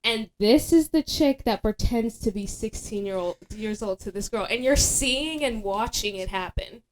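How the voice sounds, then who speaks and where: Rambling, animated young woman host. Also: fairly high pitch, moderate pace. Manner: rambling and animated, full of fillers and laughs. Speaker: podcast host. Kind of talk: casual chat.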